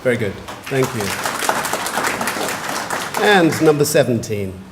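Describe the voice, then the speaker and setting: Measured New man pronouncing words. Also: mid-range voice, animated, a crowd in the background, background noise. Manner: measured, repeats each word clearly and gives brief definitions. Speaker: spelling bee pronouncer. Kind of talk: formal word pronouncing at a competition. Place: large museum hall.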